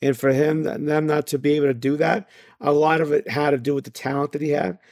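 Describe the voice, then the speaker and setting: A man's voice: fairly high pitch, fairly even intonation, fast, darkish tone, no room sound, clean studio sound. A man co-hosting a basketball podcast, talking in a rambling, loose way full of fillers. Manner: rambling, many fillers and restarts. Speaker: podcast co-host. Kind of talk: casual chat.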